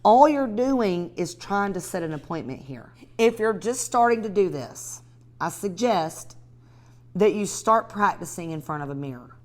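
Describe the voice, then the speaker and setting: A woman's voice: medium pitch, measured pace. Upbeat woman coaching a live class. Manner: energetic, talks straight to students by name. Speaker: real estate investing instructor. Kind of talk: classroom teaching with mock cold calls.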